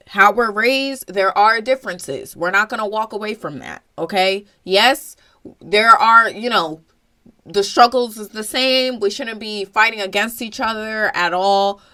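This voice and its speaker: A young American woman hosting her own show, giving a blunt, animated opinion monologue and swearing casually. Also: medium pitch. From United States. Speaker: show host.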